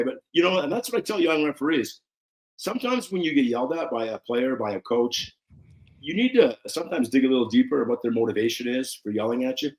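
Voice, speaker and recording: A man, a former referee, talking casually as a guest in an interview and telling animated stories. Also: quick pace. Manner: animated storyteller, acts out quotes with raised pitch.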